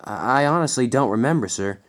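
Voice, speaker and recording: A man's voice: medium pitch, lively intonation, fairly quick, natural voice. Guy voicing a polite modest little engine.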